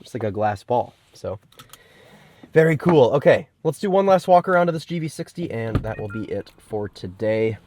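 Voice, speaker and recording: A man's voice: mid-range voice, lively intonation, moderate pace, a little mellow, a little hiss or hum. Enthusiastic man with a sick voice. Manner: enthusiastic, chatty with frequent "like" fillers. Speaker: car reviewer. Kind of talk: casual point-of-view car review. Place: in and around a car, outdoors.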